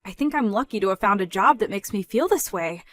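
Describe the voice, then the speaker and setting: A young woman voicing an independent daughter who speaks in a measured, firm way in a scripted story dub. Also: mid-range voice, animated, fairly bright tone, faint music behind, close to an everyday voice.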